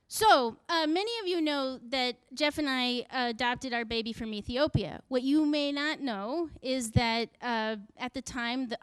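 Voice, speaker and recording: A middle-aged woman with a high voice tells a comic personal story. She is wry and self-mocking and slips into the voices of the people she quotes. The sound is dry and close. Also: fairly bright tone, smooth, no echo.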